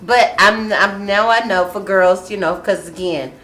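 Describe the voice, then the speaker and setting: A woman hosting a casual talk show, chatting openly and breaking into loud laughter. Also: medium pitch, a little slow. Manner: laughs often, loud bursts of excitement. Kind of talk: casual chat. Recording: echoey room with faint noise.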